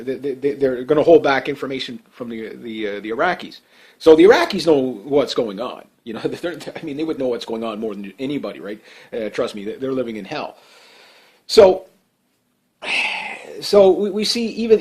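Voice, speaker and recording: A man's voice: medium pitch, a little mellow. A man giving off-the-cuff political commentary, blunt and emphatic, rambling with many fillers and restarts.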